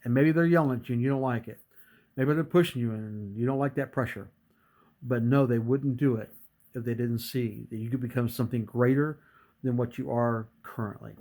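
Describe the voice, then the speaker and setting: A man's voice: medium pitch, fairly even intonation, a little fast, dark tone. Middle-aged male speaker, earnest motivational storyteller, mid-range voice. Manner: earnest storytelling, acts out past dialogue. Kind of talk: motivational talk to camera.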